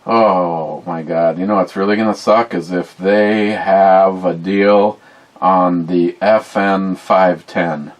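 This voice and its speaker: Slow-talking man hosting a stream. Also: low-pitched, fairly even intonation, low-quality recording. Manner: rambling, blunt, swears freely. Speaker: livestream host. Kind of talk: casual chat, reading viewer comments aloud.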